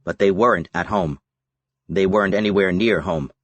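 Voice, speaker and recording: A male narrator reads a novel in a measured, steady manner. His voice sits low. The sound is dry and close to the mic, with no room echo. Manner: measured, even reading. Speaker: audiobook narrator. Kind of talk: scripted narration.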